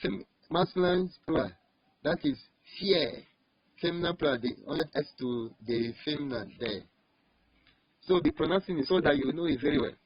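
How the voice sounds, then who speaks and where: Man, language teacher, husky voice, slightly high pitch, repeats words slowly, dull lo-fi recording. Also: expressive, no echo. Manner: slow, repeats each word several times. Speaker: French teacher. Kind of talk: online language lesson.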